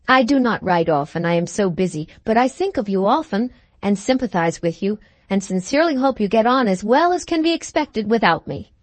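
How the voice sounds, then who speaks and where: Woman doing a cheeky schoolboy, chirpy, lively pitch, dry close sound, storybook. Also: fairly quick, hardly any pauses, no room sound, natural voice. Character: cheeky schoolboy writing to grandma.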